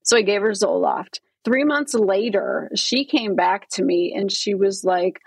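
A middle-aged woman doctor with a husky, slightly breathy voice, speaking earnestly as a podcast guest. She explains medical points plainly and walks through patient stories. Her voice sounds close and dry, with no room around it. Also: mid-range voice, measured pace, hardly any pauses, dry recording, low-quality recording. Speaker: gynecologist guest. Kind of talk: interview storytelling.

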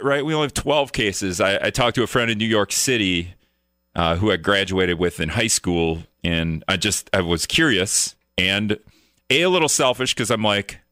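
A man's voice: lowish voice, lively intonation, normal speed, bright, forceful tone, no echo, studio quality. A man hosting a live talk radio show, chatting casually on his own, rambling, correcting himself and joking with sarcasm.

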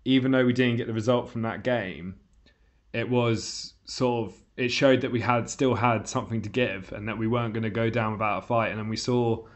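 A man with a voice of ordinary pitch hosts a relaxed fan podcast. He muses over past matches. He hands the talk on to his co-hosts. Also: fairly quick. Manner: reflective, steers the conversation. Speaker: podcast host. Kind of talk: casual fan podcast chat.

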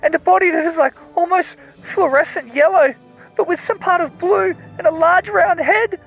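A man voicing a frightened male miner hiding on the moon in a radio comedy sketch, talking in a hushed, nervous way. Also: very high-pitched, moderate pace, gravelly, soft background music, full character voice, poor audio. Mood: hushed, scared.

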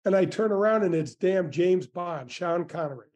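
A man in his sixties, a former pro golfer, telling stories in an interview, animated, with many restarts and asides. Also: high voice, moderate pace. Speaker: former tour golfer, guest. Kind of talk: storytelling interview answers.

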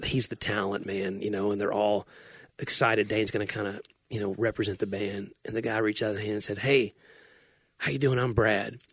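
A man's voice: lowish voice, a little fast, slightly rough, no room sound. Laughing storyteller man, dry sound. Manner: animated storyteller, laughs often, acts out quotes. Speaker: podcast co-host. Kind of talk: casual chat.

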